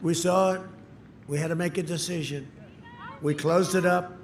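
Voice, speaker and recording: Emphatic man shouting at an outdoor rally. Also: on the high side, steady tone, normal speed, a little hiss or hum. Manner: emphatic, repetitive, punchy short phrases, bursts of shouting. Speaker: political speaker at a rally. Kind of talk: campaign rally speech. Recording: echoey outdoor PA sound with crowd. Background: cheering crowd.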